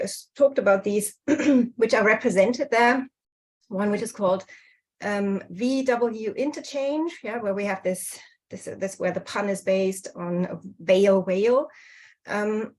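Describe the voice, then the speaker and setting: A woman's voice: a little high, a little mellow, rough recording. Hesitant woman giving an online slide talk. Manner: hesitant, many fillers and restarts. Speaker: speaker presenting on dialect history. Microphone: video call.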